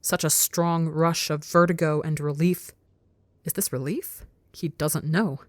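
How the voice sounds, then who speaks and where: Low-voiced woman narrating a story. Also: fairly even intonation, no room sound, clean studio sound. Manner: measured, intimate storytelling. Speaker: audiobook narrator. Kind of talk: scripted narration of fan fiction.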